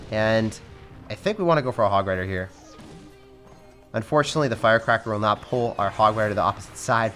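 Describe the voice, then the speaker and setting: A young man narrates a match as he plays, talking quickly and excitably while speaking straight to his viewers. His voice sits fairly low, and soft music runs underneath him. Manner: excitable, addresses viewers as guys. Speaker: game commentator. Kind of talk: fast live gameplay commentary.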